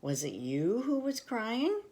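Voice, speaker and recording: A woman voicing a small, eager young male beaver in a children's storybook reading, earnest and excitable. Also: a little high, slow pace, pitched above the performer's own voice, heavily acted. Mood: curious.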